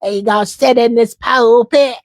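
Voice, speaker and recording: A woman's voice: on the high side, fairly even intonation, moderate pace, lightly acted. A woman imitating a stern scolding male preacher. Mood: mocking stern.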